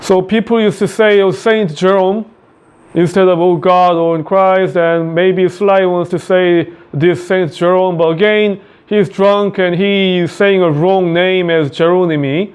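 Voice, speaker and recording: Man, Korean accent, high clear voice, English teacher, line-by-line explanation, repeats phrases. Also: fairly even intonation, measured pace, hardly any pauses, darkish tone. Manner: paraphrases quotes in plain words, repeats phrases.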